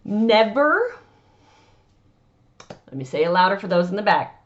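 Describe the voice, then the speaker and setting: A woman's voice: medium pitch, very animated, measured pace, long pauses, muffled recording. Chatty emphatic woman giving tips. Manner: chatty and emphatic, acts out customer dialogue. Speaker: author giving vendor tips. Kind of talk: casual advice talk to camera.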